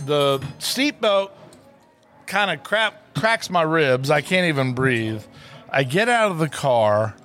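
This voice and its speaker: A man telling a story in casual chat, animated and acting out the people in it, recorded in a steakhouse booth. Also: on the high side, slow, faint music behind.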